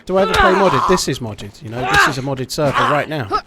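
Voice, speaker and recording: A man's voice: on the high side, huge pitch swings, brisk, heavy background noise. A man chatting casually on a live game stream at home, swearing freely and thanking his supporters. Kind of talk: casual live-stream chat while gaming.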